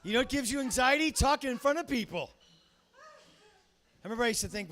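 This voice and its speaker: A man hosting a comedy show, with a loud, crude, rowdy delivery. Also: high-pitched, quick pace. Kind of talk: stand-up emceeing.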